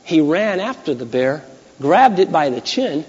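Brief: male pastor, sermon, storytelling with forceful peaks, lo-fi 1980s church recording. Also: fairly high pitch, big pitch swings, measured pace, slightly rough. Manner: conversational storytelling, rising to loud emphatic peaks. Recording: dull 1980s church recording with long hall echo.

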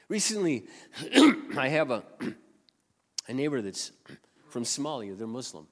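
A man pastor telling a story in a sermon, often clearing his throat as he retells conversations. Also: mid-range voice, sing-song, slow pace, pauses often. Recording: long hall reverb.

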